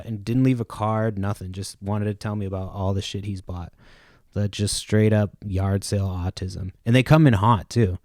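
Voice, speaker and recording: A man's voice: fairly low pitch, fairly even intonation, moderate pace, darkish tone, dry recording, clean studio sound. A man hosting a solo podcast, rambling casually with lots of fillers and swearing. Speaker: podcast host.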